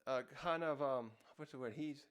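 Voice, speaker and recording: With a mid-range, clean-toned voice, a man casually walks through a manga chapter as a review host. His recap rambles, heavy with fillers while he looks for words, and he imitates the characters with quick, raised voices.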